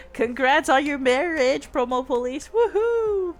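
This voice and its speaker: A woman streamer with a fairly low-pitched voice chats casually with viewers, reading their messages and rambling with plenty of fillers. She teases them and giggles often.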